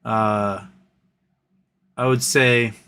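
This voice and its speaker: A man's voice: mid-range voice, steady tone, extremely slow, bright, forceful tone. Guy doing a livestream, rambly and earnest, lots of restarts, faint hiss behind him. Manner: rambling and earnest, many restarts, swears casually. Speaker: livestream host reading chat. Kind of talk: casual livestream chat.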